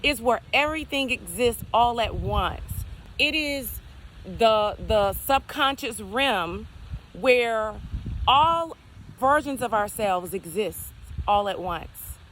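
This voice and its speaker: A woman with a fairly high voice talks outdoors about spirituality. She piles up rhetorical what-if questions and repeats her affirmations in a casual, unhurried way. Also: expressive, fairly bright tone, slight background noise. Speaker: spiritual content creator. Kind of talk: casual spiritual talk to camera. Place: outdoors, near geese and trees.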